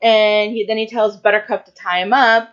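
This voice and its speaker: A woman co-hosts a relaxed podcast, stepping through a film's story and pausing often on ums. Her pitch is mid-range for a woman. The recording has a muffled, lo-fi quality. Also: clear, resonant tone. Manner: narrates plot points with frequent ums. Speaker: podcast co-host. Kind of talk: casual chat. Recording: dull lo-fi recording.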